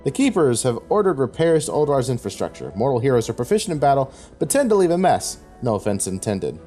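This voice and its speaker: A man's voice: mid-range voice, very animated, fast, mellow, soft background music, voice pushed up, close to an everyday voice. A man putting on the voice of a polite robot caretaker in a game, reading its lines stiffly and courteously. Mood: prim.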